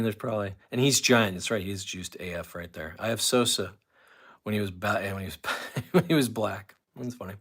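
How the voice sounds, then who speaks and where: A man's voice: medium pitch, fairly bright tone. A man hosting a casual live stream who rambles, reads viewer comments aloud and walks around his room while he talks. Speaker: livestream host. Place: room at home with an autograph wall.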